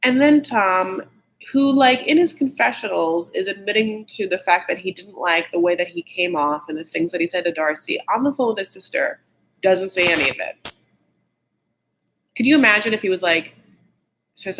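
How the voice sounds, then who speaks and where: A man's animated, fairly bright voice carries a casual, gossipy TV show recap at a moderate pace, blunt, catty and opinionated, with "like" in nearly every line. His pitch often shifts when he's worked up, over a rough recording with slight background noise.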